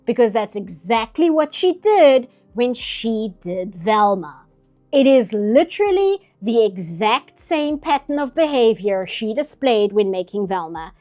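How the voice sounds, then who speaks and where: A woman's voice: fairly high pitch, a little mellow. A woman streaming her art, ranting in casual, opinionated chat.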